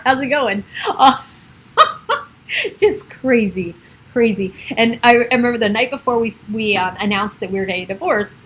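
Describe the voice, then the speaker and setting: A woman's voice: mid-range voice, a bit bright, slight background noise, poor audio. A middle-aged woman hosting a casual livestream, chatting and laughing often as she greets viewers by name. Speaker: livestream host.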